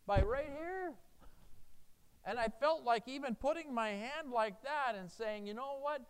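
Smooth-voiced earnest male pastor. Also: extremely high pitch, measured pace. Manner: emphatic, earnest, animated storytelling. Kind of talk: sermon.

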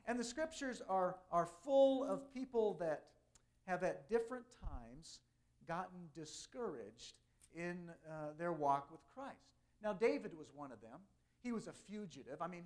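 A male pastor giving a conversational sermon, speaking plainly with many hesitations and slowing down to read scripture aloud. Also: high voice.

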